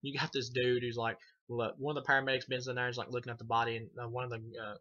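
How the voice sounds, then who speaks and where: A man's voice: medium pitch, flat delivery, racing, pushed and bright, dull audio. A man giving a casual, profane film review, rambling and laughing as he retells scenes. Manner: rambling, swears a lot, laughs often. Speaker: movie reviewer.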